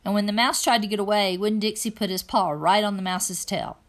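A woman reading a children's novel aloud in an even, plain first-person narration. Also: medium pitch, fairly quick. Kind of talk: read-aloud storytelling.

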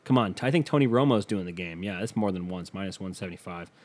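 A man's voice: sits low, lively intonation, fast. A man hosting a casual solo podcast, offhand and profane as he reads betting odds aloud. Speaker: podcast host.

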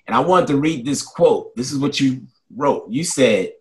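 A man's voice: medium pitch, expressive, moderate pace, hardly any pauses. A man hosting an interview podcast, chatting casually in an inquisitive, upbeat, eager way. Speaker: podcast host.

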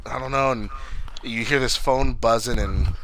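A man's voice: mid-range voice, normal speed, background noise. A man chatting casually about a movie, crude and profane, acting out lines from scenes. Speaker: podcast co-host. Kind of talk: casual movie review chat.

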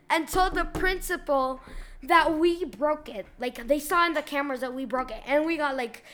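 A woman with a high, bright-pitched voice hosts a laid-back video, reading online posts aloud. She talks in loose slang, giggles often, and jumps between loud outbursts and quieter asides. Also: moderate pace. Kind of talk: casual commentary and reading aloud.

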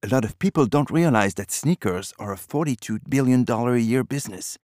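A man's voice: medium pitch, lively intonation, brisk, a little mellow, dry recording, clean studio sound. A man speaking in a scripted lesson dialogue, plain and informative.

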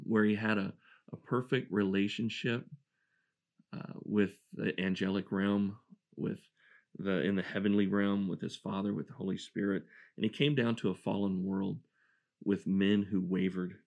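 Male preacher, lowish voice with fry, earnest verse-by-verse sermon delivery. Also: steady tone, a little slow. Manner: earnest and reflective, with restarts. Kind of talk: sermon, verse-by-verse Bible teaching.

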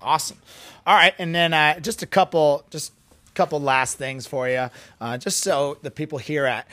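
New england guy hosting a podcast, joking around, kinda high voice, dry close mic. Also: normal speed, no echo. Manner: joking, teasing, animated. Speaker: podcast host. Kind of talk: casual podcast interview. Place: fitness gym.

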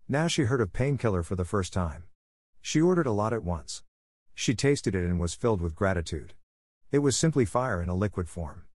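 A man with a fairly low voice reads a story aloud in a measured, expressive way. His voice sounds close and dry, with no room behind it. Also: no room sound. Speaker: narrator. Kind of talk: audiobook reading.

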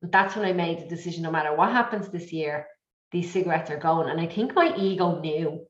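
A middle-aged woman speaking as an interview guest, telling her story in an emotional, repetitive, animated way. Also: fairly low pitch, fairly quick. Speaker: guest, business coach. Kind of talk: candid conversational interview. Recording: echoey, dull lo-fi audio.

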